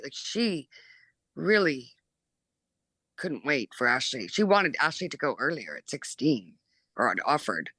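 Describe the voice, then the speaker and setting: A middle-aged woman, a mother telling her story in an interview, chatty and animated, filling her talk with 'like' and acting out what people said. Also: rumbling low, measured pace, pauses often, breathy edge, no room sound. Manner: chatty and animated, full of 'like' and acted-out quotes. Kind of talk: emotional personal recollection.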